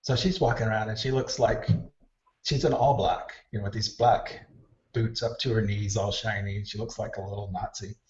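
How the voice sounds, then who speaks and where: A man's voice: on the low side, normal speed. A man telling backstage stories in an interview, acting out the voices of people he quotes. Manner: animated storyteller, acts out quoted dialogue. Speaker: hair stylist guest. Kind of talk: casual storytelling interview. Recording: distant roomy mic, dull lo-fi sound.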